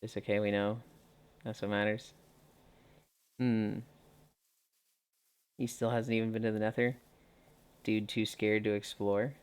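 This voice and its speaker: A man's voice: fairly low pitch, fairly even intonation, a little slow, pauses often, clear, resonant tone. A man streaming live, chatting casually and reading viewer messages aloud while walking, sounding a little tired.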